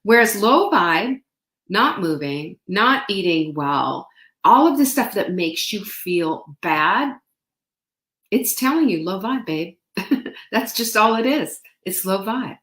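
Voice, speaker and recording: A woman hosting a show, telling a story in a chatty, animated way with playful asides. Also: medium pitch, slow pace. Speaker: show host. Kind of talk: casual storytelling monologue. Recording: roomy echo.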